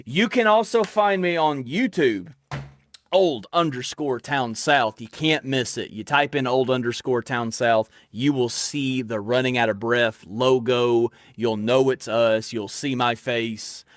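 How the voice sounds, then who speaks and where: A man's voice: medium pitch, measured pace, no echo, studio quality. A man with a Southern accent hosting a casual podcast, talking loosely with lots of laughs and folksy fillers. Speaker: podcast host.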